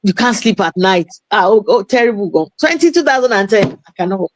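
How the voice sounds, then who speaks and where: A woman's voice: mid-range voice, expressive, fairly quick, rough recording. A woman, an interview guest telling her story in casual talk, dropping Yoruba phrases into English. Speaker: interview guest, playwright and promoter.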